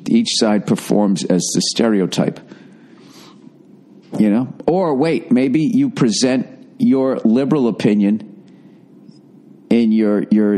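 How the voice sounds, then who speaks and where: Low-pitched and dark in tone, this male podcaster rambles on by himself. His casual comedy bit is sarcastic and laced with profanity.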